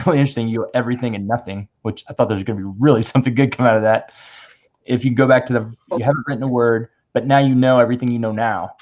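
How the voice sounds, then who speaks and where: Jokey host on a dull-sounding call. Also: male voice, medium pitch, a little mellow. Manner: jokey, playful questioner. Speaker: panel host. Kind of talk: casual video call chat. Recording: slightly dull lo-fi call audio.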